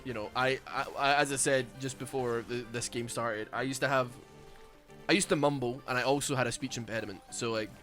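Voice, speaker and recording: A young Scottish man with a light accent, chatting casually while streaming a game. He rambles, then breaks into excited yells. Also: mid-range voice, fairly quick, faint music behind. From Scotland. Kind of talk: casual gaming stream chat.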